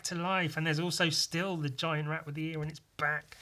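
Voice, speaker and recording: A man's voice: a little high, steady tone, moderate pace, few pauses, bright, forceful tone. A young man casually talking over his old comic, self-mocking and swearing. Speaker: vlogger. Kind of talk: casual commentary.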